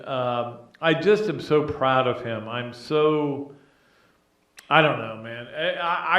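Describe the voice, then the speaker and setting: A middle-aged man hosting a sports podcast, talking casually in a rambling, animated, emotional way with many restarts. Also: medium pitch. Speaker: podcast host. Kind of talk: casual sports talk monologue. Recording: roomy echo.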